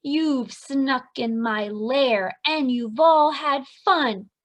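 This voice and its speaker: A sleepy, sulking storybook bear grumbles at a slow, heavy pace, as a woman puts him on. He sounds put out at being kept awake, drawing his words out. The voice stays only slightly above the reader's own. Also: high-pitched. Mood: grumpy. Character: grumpy tired big male bear.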